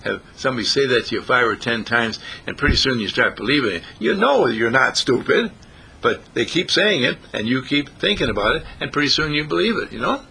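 A man's voice: medium pitch, expressive, a little fast, gravelly, bright, forceful tone, breathy edge. A man preaching a folksy sermon, repeating phrases and lifting his voice on the key words. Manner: folksy, repetitive, rising emphasis on key phrases.

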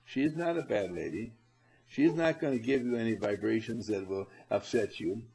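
A man leading a spiritual seminar, coaxing and animated, who addresses his listeners directly and laughs often. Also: lowish voice, moderate pace, creaky, rough recording. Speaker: seminar leader. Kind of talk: spiritual seminar talk to a group.

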